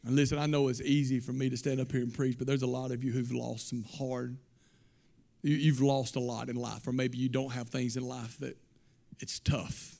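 A man's voice: medium pitch, flat delivery, fairly quick, vocal fry, dark tone. A man preaching a sermon as a pastor. He delivers it with emphatic, rising exclamations and frequent repetition.

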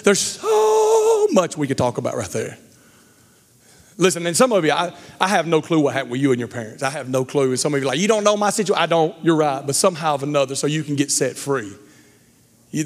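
A middle-aged male pastor preaching a sermon, telling a story with lively acted-out quotes and then speaking to the congregation. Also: fairly high pitch. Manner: animated storyteller, acts out quotes loudly. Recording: long hall reverb.

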